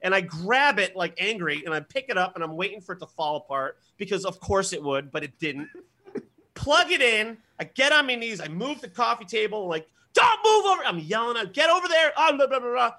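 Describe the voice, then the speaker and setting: A man with a high voice tells comic stories as a guest. He is animated and swears freely. His tone is bright and sharp. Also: a little fast. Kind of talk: comedic storytelling.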